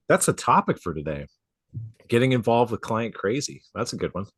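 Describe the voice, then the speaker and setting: A man's voice: medium pitch, big pitch swings, measured pace, slightly rough, no echo, studio quality. A man co-hosting a tattooing podcast, chatting casually with lots of swearing and laughter. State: coughing from a drink gone down the wrong pipe. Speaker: podcast co-host and tattoo artist. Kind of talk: casual chat. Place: home studio, outside noise nearby.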